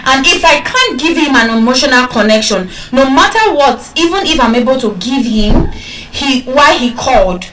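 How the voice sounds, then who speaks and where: A woman's voice: sits high, normal speed, recorded from a distance, slight background noise. Nigerian woman speaking in an echoey hall. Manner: animated storytelling, acting out calls. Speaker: public speaker. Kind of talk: motivational speech.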